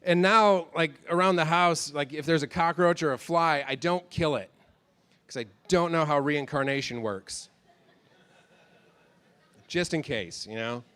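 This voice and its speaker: A man works through a loose stand-up comedy set on a club stage, his voice sitting a little high. He rambles, swears freely, and mocks his own fumbled segues. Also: measured pace, long pauses, fairly bright tone, clear, resonant tone. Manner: rambling, self-deprecating, swears a lot.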